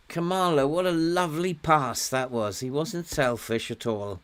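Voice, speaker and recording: A man's voice: on the high side, normal speed, hardly any pauses. Chatty older Welsh man streaming a game. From Wales. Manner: chatty, coaxes and scolds his virtual players, chuckles often. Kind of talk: casual gameplay commentary.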